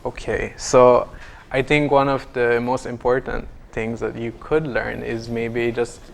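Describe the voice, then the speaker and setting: A man's voice: medium pitch, completely flat delivery, measured pace, vocal fry. A man who studies Mandarin, carefully explaining a simple phrase to talk show hosts. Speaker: Mandarin student. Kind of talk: casual talk show chat.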